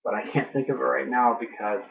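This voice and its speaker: A man's voice: medium pitch, steady tone, brisk, creaky, a little hiss or hum. A young man vlogging casually, groggy after dental work, rambling with many ums and uhs. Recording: muffled lo-fi home audio.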